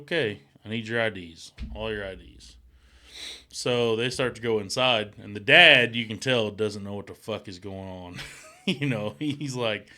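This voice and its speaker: A man's voice: lowish voice, bright, forceful tone. A man in a casual podcast chat, rambling through a story with lots of swearing and acted-out quotes. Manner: rambling, acts out quotes in raised voices, swears. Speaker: podcast co-host.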